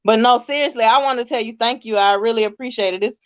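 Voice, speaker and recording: A woman's voice: on the high side, fast, dry recording. Playful woman guest on a live stream. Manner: playful teasing banter. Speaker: guest, interviewer of her own show. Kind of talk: casual live-stream chat. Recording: dry muffled lo-fi stream audio.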